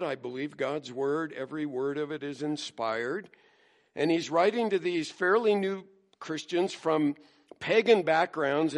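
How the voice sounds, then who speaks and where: A male pastor preaching a sermon in a conversational storytelling manner. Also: fairly high pitch. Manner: conversational storytelling, acting out quotes.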